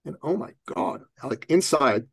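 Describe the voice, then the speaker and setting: A man speaking as a podcast guest, telling a personal story in an animated way and laughing often as he goes. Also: on the high side, unhurried, slightly rough, no room sound.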